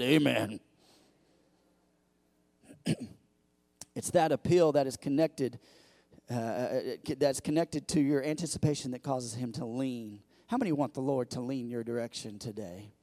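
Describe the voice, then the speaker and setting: Man preaching a lively sermon. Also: mid-range voice, normal speed, long pauses, dry recording. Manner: lively preaching, swinging from loud peaks to quiet asides; repeats words when building up. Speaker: pastor.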